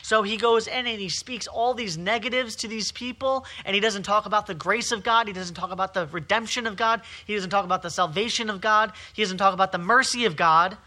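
High, very bright-voiced man preaching. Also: fairly quick, few pauses. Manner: emphatic, repetitive preaching with rising and falling intensity. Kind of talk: sermon.

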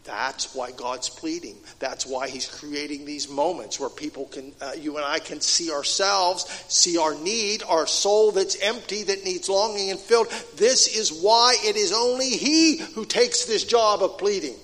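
High-voiced guy preaching, goes hushed then loud and emphatic, big echoey hall. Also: unhurried, few pauses. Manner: swings between hushed, low asides and loud, emphatic declarations. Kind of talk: sermon. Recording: long hall reverb.

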